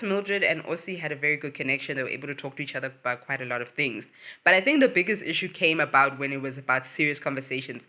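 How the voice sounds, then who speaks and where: Bright-voiced, animated woman ranting casually. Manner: animated, swears freely, rants with big swings in pitch. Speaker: host. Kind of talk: casual reality-show recap.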